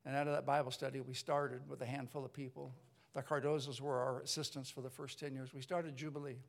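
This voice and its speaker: A man's voice: mid-range voice, fast talker, vocal fry. Older guy preaching, acts out the voices, stops and restarts a lot, long hall echo. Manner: animated storyteller, acts out voices, rambling restarts. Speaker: pastor. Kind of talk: sermon testimony storytelling.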